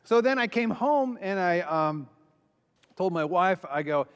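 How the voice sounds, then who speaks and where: A man gives a talk to a conference crowd, telling a story and acting out what each person said. His voice sits a bit high for a man. The sound carries a long reverb from a large hall. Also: normal speed, clear, resonant tone. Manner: animated storyteller, acts out quoted lines. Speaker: pastor. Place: large hall before an audience.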